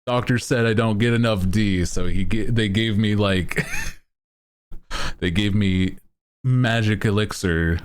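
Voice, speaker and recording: A man's voice: fairly low pitch, unhurried, clear, resonant tone. A man streaming and chatting casually with his viewers in a playful, self-mocking way, laughing often. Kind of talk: casual chat.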